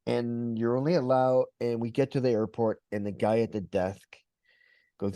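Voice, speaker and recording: A man's voice: medium pitch, steady tone, normal speed, mellow, dry recording. A man hosting a podcast interview, talking casually and retelling a personal story with quoted voices. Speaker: podcast host.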